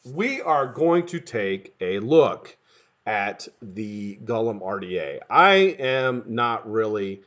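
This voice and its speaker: A loud, excitable man hosting a live stream, his voice bright and bouncing up and down in pitch as he greets viewers by name. He swears freely and laughs at his own stories. The audio is dull and lo-fi. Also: takes it slowly. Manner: profane, excitable, laughing often, shouting names to greet viewers. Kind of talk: casual live-stream chat.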